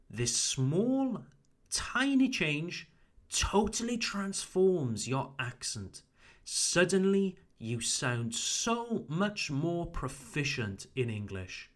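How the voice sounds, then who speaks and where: A man teaching English in a podcast lesson, encouraging the listener and slowly modelling phrases for them to repeat. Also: a little high, sing-song, a bit bright. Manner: encouraging, coaxing.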